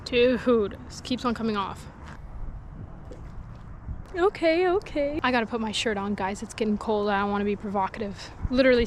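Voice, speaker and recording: A young woman with a fairly high voice chats to her viewers while fishing outdoors, joking and dropping quiet asides. Faint background noise sits under her voice. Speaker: fishing vlogger. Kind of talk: casual vlog talk to camera. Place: outdoors by the water.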